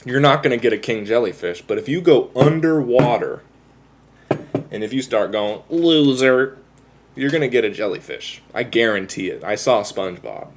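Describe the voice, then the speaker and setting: A man's voice: lowish voice, expressive, moderate pace, slight background noise. A man chatting casually with his livestream viewers, rambling, self-mocking and swearing freely. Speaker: live streamer.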